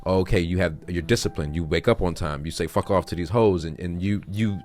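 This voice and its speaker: A man's voice: sits low, fairly quick, darkish tone. A man hosting a casual podcast, talking loosely and enthusiastically and swearing freely. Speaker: podcast host.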